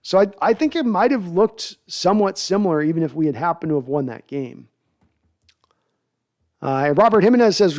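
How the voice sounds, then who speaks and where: Guy hosting a podcast reading chat, kinda high voice, rambles and restarts a lot. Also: expressive, moderate pace, a little mellow. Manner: rambling, with frequent restarts and fillers. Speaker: podcast host. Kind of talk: casual livestream chat answering viewer comments.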